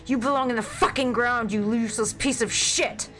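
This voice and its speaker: A woman voicing a cruel, violent wife who speaks with slow, snarling contempt. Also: mid-range voice, very animated, over music. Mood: venomous.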